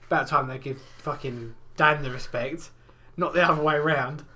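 A man's voice: a little high, moderate pace. A young man co-hosting a podcast, telling crude stories in casual banter with lots of swearing and acted quotes. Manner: profane, animated storytelling with acted quotes. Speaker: podcast co-host.

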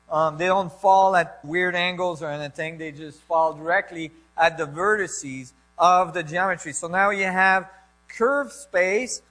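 A man explaining science ideas in a lecture style, halting and searching for words, with frequent restarts. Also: high voice, sharp tone. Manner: enthusiastic about the ideas. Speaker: speaker on physics and biology.

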